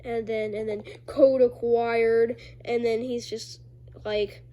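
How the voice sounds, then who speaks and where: A woman casually walking through her own homemade comics, rambling and full of fillers, now and then bursting into loud high character voices. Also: little pitch movement, slow pace. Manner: rambling, filler-heavy, loose storytelling. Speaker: creator reading own comics. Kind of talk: casual chat.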